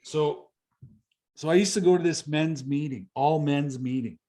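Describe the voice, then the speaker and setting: A man's voice: on the high side, unhurried, warm tone. A middle-aged man from Canada, telling a personal story as an interview guest in a blunt, conversational way, swearing freely and repeating phrases for emphasis. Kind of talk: candid storytelling.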